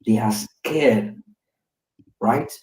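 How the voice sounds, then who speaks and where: A Nigerian man in his thirties, a father, tells his own story in a candid, reflective podcast chat, often tossing in "right?" as a check-in. His voice is medium in pitch, a little mellow, and extremely slow. The mic sits at a distance in a roomy space.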